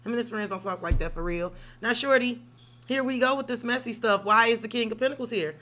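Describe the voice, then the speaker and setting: A woman's voice: fairly high pitch, fast talker, fairly bright tone, slight background noise. Salty, chatty woman reading tarot. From South Side of Chicago. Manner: chatty, digressive, salty, swears freely. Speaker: tarot reader. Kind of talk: casual livestream tarot reading.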